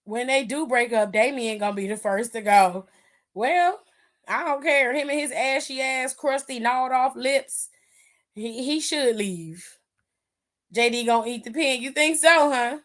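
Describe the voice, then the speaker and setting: A woman's voice: fairly high pitch, unhurried. A woman hosting a wrestling aftershow, talking in a blunt, sassy, profane way. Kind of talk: casual opinionated recap.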